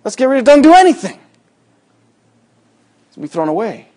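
Preacher, man, high-pitched, conversational sermon with sudden loud acted-out lines. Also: very animated, quick pace.

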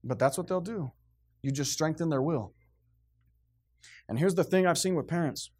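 A male preacher delivers his sermon in a stern, blunt, plainspoken voice that sits fairly high. He leans on repetition and short, emphatic phrases. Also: moderate pace, darkish tone.

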